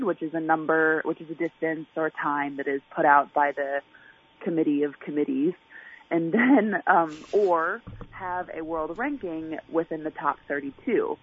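A woman Olympic track and field athlete with a low, slightly rough voice is interviewed over the phone. She talks in a chatty way, full of fillers and restarts, and the line sounds tinny.

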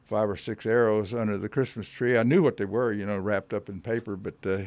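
A man's voice: on the low side, steady tone, dry recording. A man in his seventies, a veteran, telling stories of his childhood as a guest on a radio show. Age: 70s. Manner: reminiscing, warm and unhurried. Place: radio studio.

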